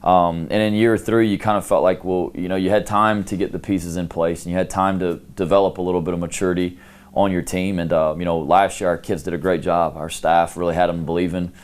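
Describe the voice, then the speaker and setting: A middle-aged man with a notably deep voice speaks as a head football coach in a sit-down interview. He talks in a relaxed, candid way, leaning on easy filler phrases as he thinks aloud. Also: fairly quick. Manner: relaxed, candid, peppered with "you know".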